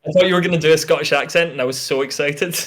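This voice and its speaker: Production manager, man, eager and enthusiastic, fairly high voice, casual chat. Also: very fast, a little hiss or hum.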